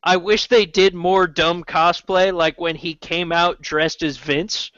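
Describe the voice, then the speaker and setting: A man's voice: sits high, steady tone, takes it slowly, a bit bright, no room sound. A man from Canada hosting a casual chat, rambling with restarts and casual swearing. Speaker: podcast host. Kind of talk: casual chat about wrestling. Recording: dull lo-fi dry recording.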